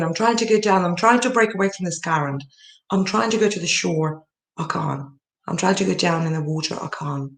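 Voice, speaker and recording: Woman, lowish voice, earnest storyteller, roomy echo. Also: gravelly. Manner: earnest storytelling with many fillers and restarts. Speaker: summit speaker. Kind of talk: personal story talk. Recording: echoey room.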